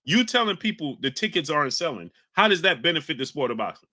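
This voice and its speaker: Ny guy on a livestream, bright pushy voice, heated, shouting out chat names. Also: a little high, very animated, fast. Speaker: livestream host reading chat. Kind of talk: heated live-stream talk.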